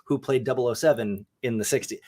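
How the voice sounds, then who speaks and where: A man's voice: mid-range voice, quick pace, a little mellow. A young man hosting a casual movie chat, enthusiastic and rambling, with lots of fillers and restarts. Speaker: podcast host.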